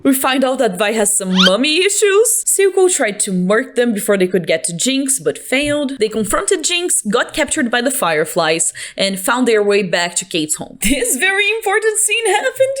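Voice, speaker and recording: A woman's voice: on the high side, big pitch swings, normal speed, few pauses. A young woman reviewing a TV show on camera, chatting casually with a sarcastic, playful edge. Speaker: video reviewer.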